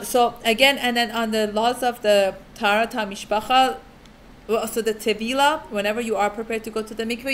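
A woman's voice: medium pitch, a little hiss or hum. A woman teaching religious family law in a casual, frank, chatty way, often saying "like.". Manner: chatty, full of "like" fillers; frank, down-to-earth. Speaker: teacher of Jewish family purity laws. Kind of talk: casual explanatory talk.

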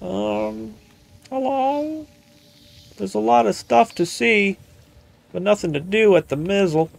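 A man chatting his way through a video game, talking back to the screen and muttering as he plays. His voice sits a little high for a man, and he hams up a put-on country accent for fun. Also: slow, vocal fry. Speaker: gaming streamer. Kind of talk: casual let's-play commentary.

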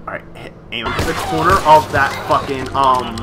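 A young man hosting a let's play, chatting casually over gameplay, laughing often, swearing freely and breaking into excited outbursts. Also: medium pitch, normal speed, over loud music. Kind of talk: casual gaming commentary.

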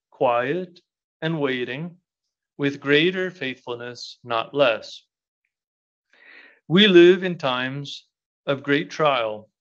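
Male prior, conference keynote, measured and reflective, hesitant in Q&A, slightly muffled recording. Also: on the high side, a bit bright. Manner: measured and solemn in the speech, hesitant with many fillers in answers. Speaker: monastic prior giving a keynote. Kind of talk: formal keynote speech, then Q&A answer. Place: conference hall.

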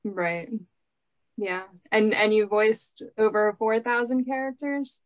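A woman's voice: mid-range voice, slow, no echo, highs cut off. A woman hosting a podcast interview, reacting with short affirmations and easy laughs. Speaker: podcast host. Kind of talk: interviewer chat.

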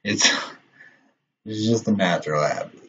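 A young man commentating his own gameplay, swearing often and quick to get frustrated. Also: fairly low pitch, a bit bright. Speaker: gaming channel host. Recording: dull lo-fi mic with faint noise.

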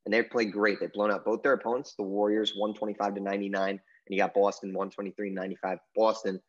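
Man, sports podcast co-host, rapid casual chat, rambling with fillers, dull lo-fi recording. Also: lowish voice, level tone. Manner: rambling, heavy on "I mean" and "you know" fillers.

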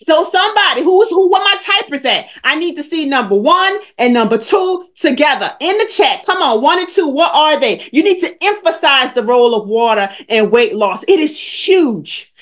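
A woman's voice: high voice, animated, normal speed, few pauses, a bit bright. A woman over forty coaching viewers on a live stream, emphatic and preachy, repeating her points and calling out people in the chat by name. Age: 40s or older. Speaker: weight-loss coach hosting a live stream.

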